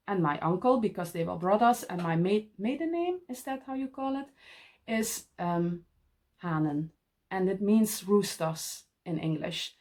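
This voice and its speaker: A middle-aged woman with a Dutch accent, showing her cross-stitch in a casual vlog and often pausing to find her English words. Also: medium pitch, darkish tone. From Netherlands. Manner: halting, searching for English words. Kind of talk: casual show-and-tell vlog.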